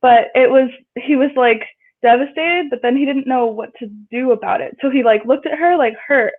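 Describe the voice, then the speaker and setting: A woman's voice: high voice, normal speed. A woman guest telling a personal story in casual chat, acting out what people said in raised voices. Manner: chatty, acts out quotes in raised voices. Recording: tinny phone-line audio.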